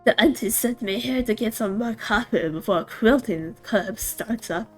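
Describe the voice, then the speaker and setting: A woman's voice: on the high side, measured pace, faint music behind, voice pushed up. Woman reading a blunt, curt, defensive young woman, plain voice, game dialogue. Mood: prickly.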